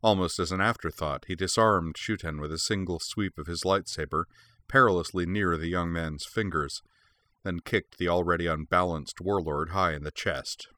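A man narrates an action story in a steady, even manner. His voice is very deep yet bright and forceful. The recording is close and completely dry, with no room sound. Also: moderate pace, no room sound. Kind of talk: audiobook reading of fan fiction.

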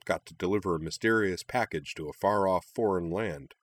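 A man voicing an easygoing young male adventurer in a storybook reading, relaxed and breezy. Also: sits low, a little fast, no room sound.

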